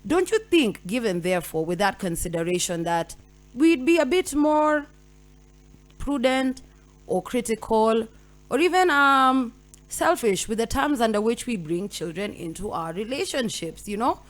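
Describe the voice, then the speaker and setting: A young Kenyan woman hosting a radio talk show, telling a story with lively voices for each side and slipping Swahili slang into her English. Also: fairly high pitch, a little slow, faint music behind. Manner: animated storytelling, acting out both partners. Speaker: radio host.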